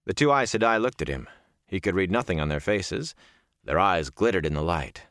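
Deep-voiced male audiobook narrator. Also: lively intonation, moderate pace, fairly bright tone, dry recording, studio quality. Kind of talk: scripted narration.

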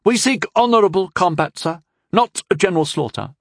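A man doing a haughty teenage squire, pitched high. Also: animated, fairly quick, vocal fry, no echo, studio quality, full character voice. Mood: indignant formal. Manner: stiff, formal and indignant. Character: haughty hot-headed teenage male squire.

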